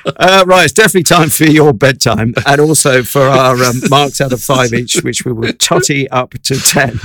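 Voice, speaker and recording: A man's voice: medium pitch, moderate pace, a bit bright, slight background noise. A man co-hosting a review podcast, wry and rambling with playful asides. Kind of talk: casual review chat.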